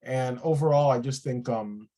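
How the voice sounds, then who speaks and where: Male co-host for a casual review chat, easygoing, halting and thinking aloud, medium pitch. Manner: relaxed, thinks aloud with many ums and uhs.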